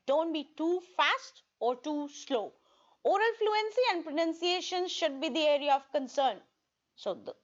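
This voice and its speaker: A woman with a high voice gives a recorded test-prep lesson, going over tips and often pausing to ask "okay?". The sound is a bit dull and lo-fi. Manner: repeats points, checks in with "okay?". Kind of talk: online video lesson.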